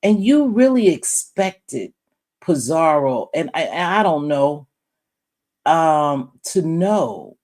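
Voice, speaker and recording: A woman's voice: low voice, sing-song, slow, darkish tone. A woman giving casual, rambling live-stream commentary, talking straight to her chat and calling viewers sweet names. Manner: rambling, talks straight to chat and other creators; calls viewers terms of endearment.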